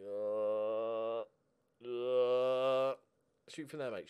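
A man giving casual, excitable commentary while he plays a football management game at home, swearing and cheering at the match. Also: medium pitch, slow, smooth. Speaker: gaming YouTuber. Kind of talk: casual let's-play commentary.

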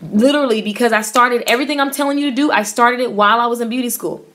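An upbeat woman in her thirties hosts a live stream, her voice sitting a little high. She reads viewer comments aloud and cheers each one on, warm in her words and direct with her audience, talking casually as a business coach for hair stylists. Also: quick pace. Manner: upbeat, encouraging, effusive, talks to viewers directly.

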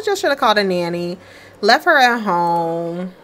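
A woman's voice: medium pitch, expressive, moderate pace, fairly bright tone. A woman casually commenting on her life-sim game, chatty and playful, talking to her characters. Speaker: let's play streamer.

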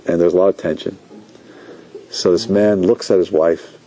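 A rabbi teaching a class, telling stories with lively acted-out quotes and asking his listeners questions. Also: deep voice, normal speed, a little hiss or hum, rough recording. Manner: animated storytelling, asks the audience questions, acts out quotes. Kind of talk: lecture to a class.

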